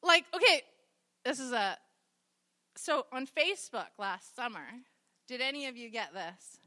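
A woman's voice: on the high side, sing-song, unhurried, sharp tone. A woman preacher giving a conversational sermon, telling stories with humor. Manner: chatty, storytelling with humor.

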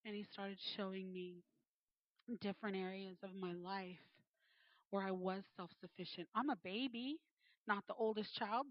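A woman's voice: medium pitch, no room sound. A woman in her forties sharing a personal faith testimony, earnest and acting out the voices she quotes. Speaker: speaker giving a faith testimony. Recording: dull, slightly muffled dry sound.

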